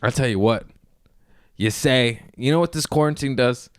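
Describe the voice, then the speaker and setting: A man's voice: medium pitch, normal speed, smooth, no echo, studio quality. A young man hosting a podcast, chatting in a rambling, self-mocking, giggly way. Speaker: comedian podcast host. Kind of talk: casual comedic chat.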